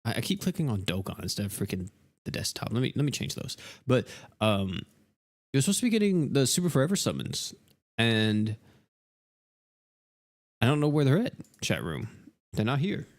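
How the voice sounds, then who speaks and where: A man's voice: mid-range voice, sing-song, moderate pace, pauses often. A young man livestreaming a game, rambling casually and exasperatedly to his chat viewers.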